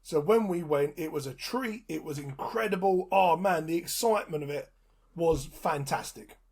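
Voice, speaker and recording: A man's voice: a little high, moderate pace, darkish tone, breathy edge. A man co-hosting a podcast, telling stories in an emphatic, casual way. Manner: storytelling, emphatic. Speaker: podcast co-host.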